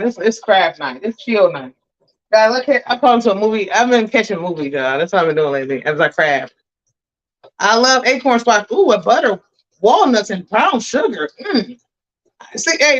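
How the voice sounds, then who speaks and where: A woman live-streams from her home kitchen, chatting freely with viewers as she cooks and calling them y'all. Her pitch sits mid-range. The stream audio sounds a little dull and lo-fi. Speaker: cooking vlogger. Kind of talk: live-stream cooking chat.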